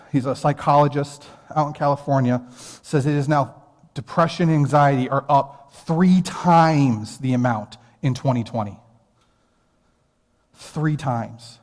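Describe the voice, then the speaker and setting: An American man in his thirties preaches from the pulpit and tells a personal story in an earnest, conversational way. His voice sits at an ordinary middle pitch. A long church-hall reverb trails after his words. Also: darkish tone. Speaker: pastor. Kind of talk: sermon. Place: church sanctuary.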